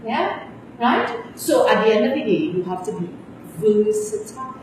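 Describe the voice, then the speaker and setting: A woman's voice: fairly high pitch, very animated, normal speed. A middle-aged woman teacher with a Trinidadian accent lecturing her class in a stern, scolding way, ending her points with tag questions. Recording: echoey room, distant, faint hiss.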